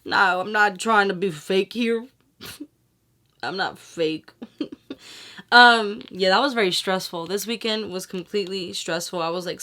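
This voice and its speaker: Woman beauty vlogger, bright tone, loose chatty delivery with slang and swearing. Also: medium pitch. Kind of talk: casual makeup tutorial chat.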